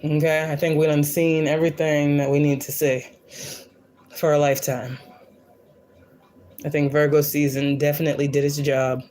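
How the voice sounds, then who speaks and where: A deep-voiced woman speaks flatly at a moderate pace, leaving long pauses, her tone somewhat dark. As a spiritual reader running a casual livestream, she's blunt, profane, preachy and defiant, repeating lines again and again to drive points home.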